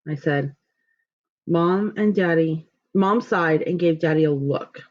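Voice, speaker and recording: A woman reading a children's novel aloud with a clear, steady reading manner, as a teacher for her listeners. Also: lowish voice, normal speed. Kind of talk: storybook read-aloud. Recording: dull lo-fi recording.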